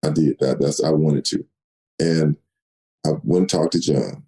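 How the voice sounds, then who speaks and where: A man in his sixties, a guest in an interview, telling stories with lively delivery and acting out quoted dialogue. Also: rumbling low, a little slow, rough recording. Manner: animated storyteller, acts out quoted dialogue. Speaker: guest, retired football player. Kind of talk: storytelling interview.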